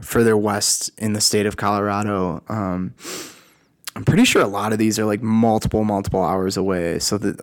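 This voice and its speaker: Rambling young man on a podcast. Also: fairly low pitch. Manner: rambling, animated, lots of fillers and restarts. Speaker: podcast host. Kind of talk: casual solo podcast chat. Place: lives at altitude in a mountain city.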